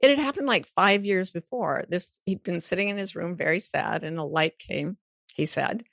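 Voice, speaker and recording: A woman in her sixties, a guest on an interview podcast, telling stories in a lively, playful way and swearing freely. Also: fairly low pitch, moderate pace, creaky, no echo, clean studio sound. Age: 60s. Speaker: guest author.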